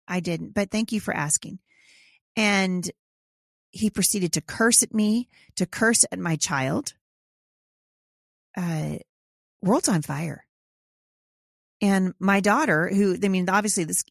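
A woman's voice: lowish voice, no room sound, clean studio sound. A woman hosting a talk podcast, speaking emphatically and preachily with frequent fillers, then leading a prayer. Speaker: podcast host.

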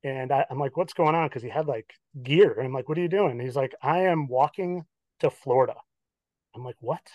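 This young man spins a rambling story in casual chat, slipping into the voices of the people he quotes. His voice sits at an ordinary middle pitch. It is recorded dry, with no room sound around it. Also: fairly quick, no echo. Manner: animated, acts out quoted dialogue, many "like" fillers. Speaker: podcast guest.

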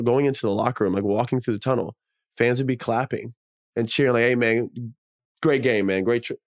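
With a medium-pitched voice recorded dry and at studio quality, this man co-hosts a laid-back sports podcast. An ex-pro basketball player, he speaks emphatically and with animation, throwing in slang and casual curses.

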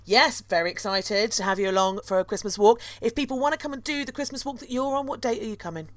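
A woman's voice: a little high, fast, no room sound. A woman who hosts a podcast and leads tours, chatting casually and laughing often. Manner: chatty, giggly, cackling. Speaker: podcast host and tour guide.

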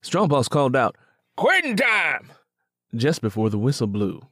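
Male audiobook narrator, mid-pitched, measured delivery, dry studio sound. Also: lively intonation, dry recording. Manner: measured, descriptive storytelling. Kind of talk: scripted narration.

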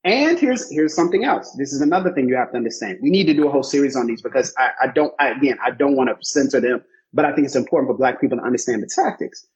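A man's voice: mid-range voice, animated, rapid-fire, a little mellow. A man co-hosting a casual podcast, speaking emphatically and in a preachy way, repeating his points for emphasis. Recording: slightly muffled lo-fi audio.

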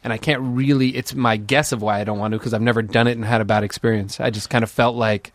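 A man chatting as a guest on a podcast, unhurried and given to trailing off and restarting. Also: mid-range voice, fairly even intonation, no echo. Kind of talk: casual chat.

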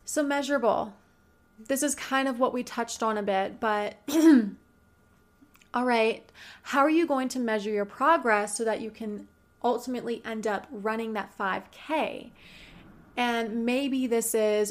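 Woman, friendly coach type, slightly higher voice, conversational advice talk full of questions to the listener. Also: takes it slowly. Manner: chatty, addresses listener directly with many rhetorical questions. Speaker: goal-setting coach. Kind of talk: casual advice monologue.

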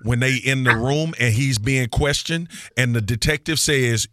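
A man co-hosting a podcast, talking casual sports in an animated, joking, slangy way. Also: mid-range voice, a little slow, dry recording, studio quality. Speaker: podcast co-host.

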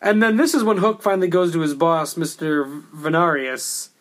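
A man's voice: on the high side, normal speed, fairly bright tone. A man co-hosting a casual film-review chat, loose and joking, swearing freely. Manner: loose, joking, swears, does silly voices. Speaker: podcast co-host reviewing a film.

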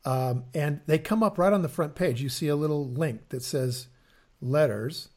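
A man's voice: fairly high pitch, normal speed, a little mellow. A man co-hosting an investing podcast in casual chat, often repeating words and using fillers as he explains. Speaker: podcast co-host.

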